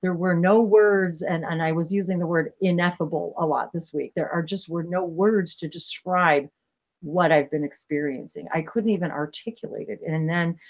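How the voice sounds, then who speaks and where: With a fairly low, fairly even voice, a woman hosts a spiritual livestream in a relaxed way. Earnest and emotional, she rambles and keeps breaking off to start over.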